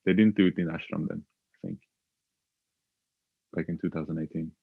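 Deep-voiced man, hesitant storytelling. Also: fairly even intonation, vocal fry, slightly rough, dry recording, narrow, tinny audio. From Sweden. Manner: hesitant, halting, with frequent filler sounds. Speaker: podcast guest. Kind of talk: reflective personal storytelling.

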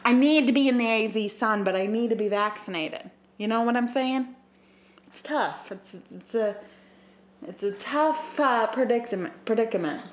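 A young woman hosting a podcast by herself, talking emotionally and swearing as she moves between quiet asides and fired-up preaching. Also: fairly high pitch, a little slow. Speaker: podcast host. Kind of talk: casual solo podcast rant.

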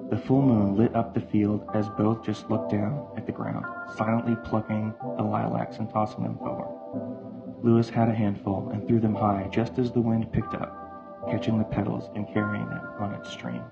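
Male narrator, low gravelly voice, very even delivery, slightly dull sound with faint music under it. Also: moderate pace. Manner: steady, even reading. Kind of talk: audio drama narration.

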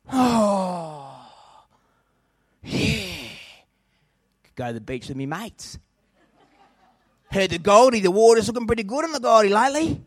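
A man's voice: extremely high pitch, a bit bright, no echo, pitched above the performer's own voice, full character voice. A man with an Australian accent playing a carefree, easygoing Australian bloke who talks in a slangy drawl.

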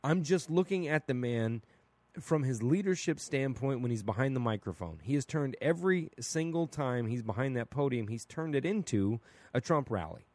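A man of middling pitch delivers an opinionated solo podcast monologue, casual and blunt, with an occasional curse. He keeps asking his listeners "right?" as he builds his point, and the recording sounds close and dry. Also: animated, normal speed, a little mellow, no echo. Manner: casual and blunt, with mild swearing. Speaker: podcast host.

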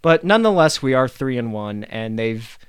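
A man's voice: mid-range voice, big pitch swings, moderate pace, smooth, no room sound. Dry-voiced rambling man on a podcast. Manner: rambling, profane, laughs often. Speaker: podcast host. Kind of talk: casual solo podcast rant.

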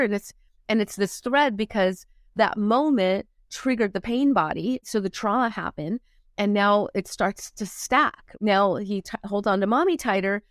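A woman's voice: mid-range voice, moderate pace, dry recording, clean studio sound. A woman performance coach, a guest on an interview podcast, talking animatedly and acting out quoted voices as she tells stories. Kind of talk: conversational interview.

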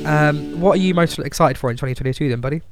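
A man's voice: fairly high pitch, quick pace, music in the background. Sweary man on a podcast. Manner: sweary and blunt, many ums and restarts. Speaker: podcast co-host. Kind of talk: casual chat.

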